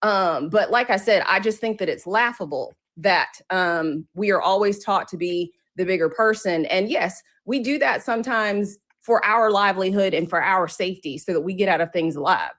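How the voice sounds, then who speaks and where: A woman speaking on an online panel, telling her view in an emphatic, animated way. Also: mid-range voice, moderate pace, few pauses. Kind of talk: casual discussion.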